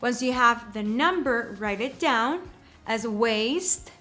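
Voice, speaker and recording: Slow-talking young woman giving a how-to. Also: a little high, animated, sharp tone, soft background music. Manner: slow, repeats words and checks in with "okay?". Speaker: shapewear presenter. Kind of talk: casual how-to demonstration.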